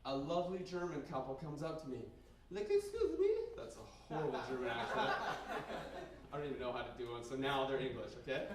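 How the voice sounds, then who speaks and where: A young man from Canada doing a crude, rambling stand-up set in a basement bar, with sudden loud outbursts. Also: mid-range voice, steady tone, fast talker, background noise. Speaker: stand-up comedian. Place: basement bar comedy night. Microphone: handheld stage mic recorded by a camera in the room. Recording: very echoey basement room, heard from a distance.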